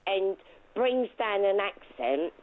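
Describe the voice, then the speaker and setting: A woman's voice: medium pitch, expressive, slow pace. A woman with a Cockney accent calling in to a radio show, bold, flirtatious and outspoken. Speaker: caller. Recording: tinny phone line.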